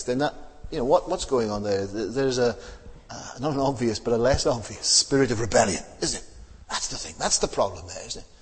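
Man preacher, lively rhetorical sermon delivery, slightly husky, church hall reverb. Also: mid-range voice. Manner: conversational, asks rhetorical questions, repeats words.

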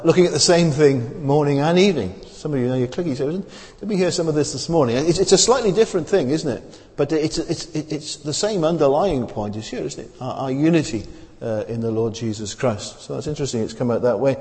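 A man preaches to a congregation in a relaxed, conversational way. He halts and restarts often and fills the gaps with "uh" and "um." His voice carries a long reverb from the church hall around him. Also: mid-range voice. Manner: conversational, halting with many fillers and restarts. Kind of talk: sermon.

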